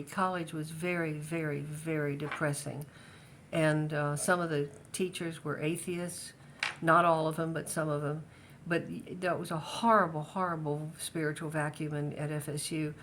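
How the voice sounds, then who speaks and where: An older woman with a fairly low voice recalls her past in a relaxed family interview. She speaks hesitantly and often restarts her sentences. A faint rumble hums under the recording. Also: normal speed. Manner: hesitant, many restarts and fillers.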